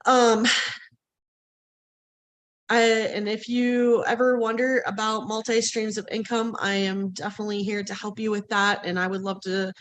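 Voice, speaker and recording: A woman's voice: mid-range voice, level tone, moderate pace, a bit bright. A woman speaking on an online summit, nervous and laughing, with many ums. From United States. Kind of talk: nervous personal talk.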